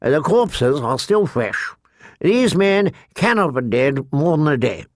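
A man's voice: on the high side, sing-song, slow pace, dry recording, studio quality. A man voicing a cold, impatient knight who speaks curtly. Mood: assured. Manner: cold, curt.

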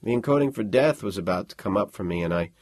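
A man's voice: on the low side, lively intonation, fast talker, a little mellow, breathy edge. A man voicing a defeated, bitter record store clerk who talks hesitantly for a storybook. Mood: weary. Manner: hesitant, then bitter and defiant.

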